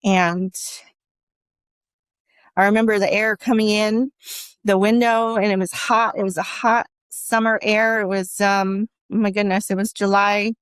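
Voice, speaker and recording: Woman guest, emotional, earnest, keeps restarting her sentences, average pitch. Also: level tone, smooth, no echo. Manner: earnest, halting storytelling with frequent restarts. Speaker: interview guest. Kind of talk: personal testimony in a conversation.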